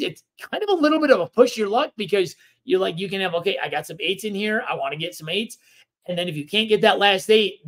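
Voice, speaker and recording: Man, fairly high pitch, casual board game co-host, easygoing rambly explainer. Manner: relaxed, rambling explanations with fillers. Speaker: podcast co-host.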